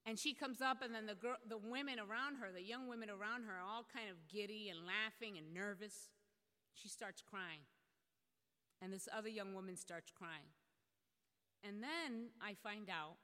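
A woman's voice: medium pitch, sharp tone. A woman college president telling a personal story from a stage in an earnest, reflective way, with small hesitations. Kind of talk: personal story told in a public speech. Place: stage in a large hall. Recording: long reverb of a large hall.

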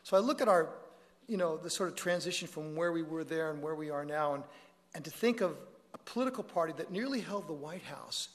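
A man's voice: a little high, a little fast. A man giving a public talk to an audience, conversational and prone to joking asides and self-corrections. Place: lecture hall with an audience. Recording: long reverb of a large hall.

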